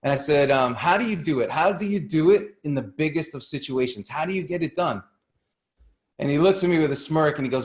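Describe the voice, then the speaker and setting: A man's voice: on the high side, animated, fairly quick. Earnest man telling a story, roomy sound. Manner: earnest, repeats words when starting a thought. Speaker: guest coach. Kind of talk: storytelling on a video call.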